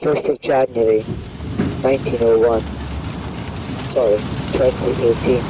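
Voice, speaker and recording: A man giving a slow, solemn, dramatic poetic recitation. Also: medium pitch, heavy background noise.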